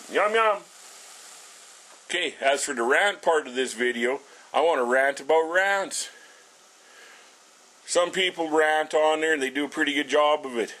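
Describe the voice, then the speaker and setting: In a casual, profanity-laden vlog, a middle-aged man rants bluntly, cursing constantly as he cooks and tours his small house. His voice is a little high and a bit bright.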